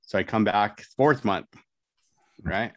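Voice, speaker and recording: Candid low-voiced man telling his story. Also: takes it slowly, dry recording. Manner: candid, self-mocking, laughs often, quotes others. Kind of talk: casual spoken storytelling.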